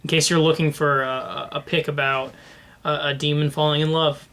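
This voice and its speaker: A young man with a bright, slightly high voice, riffing through a comedy podcast. He talks in a halting, easygoing way, full of fillers and restarts as he works out his jokes. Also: flat delivery. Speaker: podcast co-host. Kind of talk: casual comedic chat.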